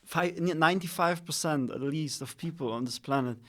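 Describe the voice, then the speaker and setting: A man's voice: fairly high pitch, a little fast. A young man co-hosting a casual motivational podcast, talking bluntly, swearing freely and laughing often. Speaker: podcast co-host.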